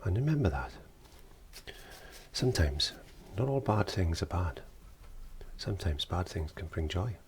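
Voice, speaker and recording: A man teaching a painting lesson, gentle and encouraging, sometimes dropping into whispered asides, indoors in a studio. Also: low voice, sing-song, unhurried, long pauses, a little hiss or hum. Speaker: art teacher. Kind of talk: painting tutorial.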